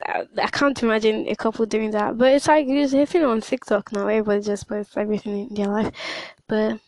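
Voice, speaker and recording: Hesitant woman with a high-pitched voice. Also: quick pace, darkish tone, dry recording, poor audio. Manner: hesitant, many fillers and restarts. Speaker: podcast host. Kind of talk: casual spoken monologue.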